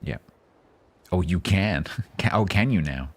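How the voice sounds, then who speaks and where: A man's voice: deep voice, expressive, unhurried. A man streaming a game live, chatting casually in a rambling, self-mocking, joking way.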